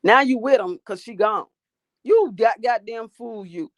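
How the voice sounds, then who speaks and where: A woman's voice: a little high, unhurried, dry recording. A woman hosting a livestream from her phone, ranting at her chat in a profane, combative, sassy way. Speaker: livestream host. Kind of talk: casual live-chat rant.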